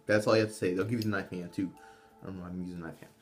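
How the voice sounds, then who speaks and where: A man's voice: lowish voice, level tone, very fast, a little mellow. A young man giving casual tips to camera, rambling and swearing, with frequent restarts. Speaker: vlogger, army trainee.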